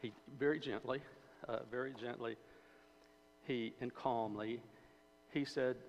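A man's voice: mid-range voice, steady tone, a little slow, long pauses. A man preaching a sermon in a conversational way, asking his listeners questions and often repeating and restarting phrases. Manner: conversational, asks the audience, repeats words and restarts. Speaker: preacher or Bible teacher. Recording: dull hall recording with faint hum.

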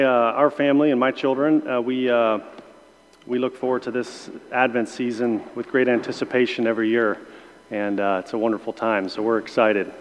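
A man leading a church Bible class in a conversational way, with many pauses and restarts. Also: medium pitch. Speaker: Sunday school teacher. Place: church room. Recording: long hall reverb.

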